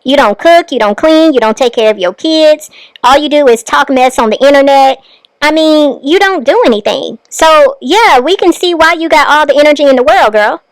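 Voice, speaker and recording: A woman with a high, bright-pitched voice talks back at a clip in sarcastic, scolding commentary. She sounds close and dry, with no room around her. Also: expressive, moderate pace, dry recording. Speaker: commentary channel host. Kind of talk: reaction commentary.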